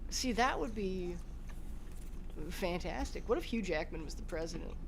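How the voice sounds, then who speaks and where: A man's voice: sits high, lively intonation, normal speed, creaky, noisy background. A young man co-hosting a podcast in casual chat, silly and profane, always joking. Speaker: podcast co-host.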